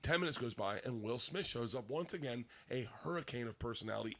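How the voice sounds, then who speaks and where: A man telling a long story on a podcast, profane and animated, swinging between loud excited bursts and low hushed asides. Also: fairly quick. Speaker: comedian guest telling a story.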